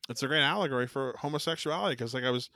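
A man's voice: mid-range voice, very fast, sharp tone, dry recording, clean studio sound. A man co-hosting a casual horror podcast, rambling with many restarts and casual swearing. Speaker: podcast co-host. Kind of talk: casual chat.

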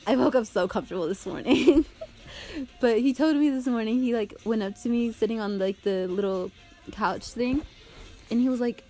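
A woman's voice: fairly high pitch, normal speed, warm tone. A young woman telling a story in casual chat, laughing often and using lots of filler words and swearing.

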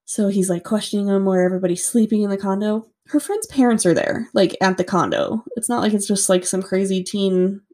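A woman's voice: medium pitch, a little fast, hardly any pauses, mellow. A woman casually recounting a true-crime story to a co-host, chatty with lots of "like" and free swearing.

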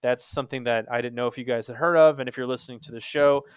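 A young man from Texas, hosting a casual hockey podcast, animated and swearing freely. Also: mid-range voice, fast talker, clear, resonant tone, no room sound. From Texas, USA. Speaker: podcast host.

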